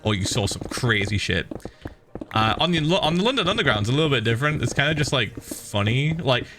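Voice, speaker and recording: A man chatting casually on a game stream, an animated storyteller who laughs often. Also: medium pitch, a little fast, noisy background. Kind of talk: casual stream chat while gaming.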